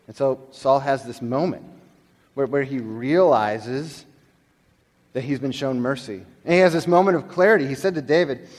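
A middle-aged man preaching a sermon, telling stories with animated emphasis that drops to quiet, slowed lines. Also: mid-range voice, long reverb tail. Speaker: pastor.

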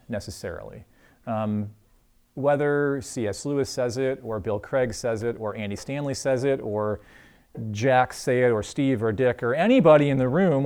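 A man's voice: mid-range voice, darkish tone. Earnest man leading a church discussion. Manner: earnest, conversational, many ums and restarts. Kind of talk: informal church talk and closing prayer.

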